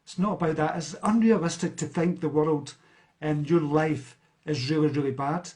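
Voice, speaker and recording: A man's voice: on the high side, normal speed, a little mellow. A Scottish man from near a large city, a self-help speaker chatting on a live stream, reading out viewer comments and answering them. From Scotland. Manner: chatty, with fillers and restarts.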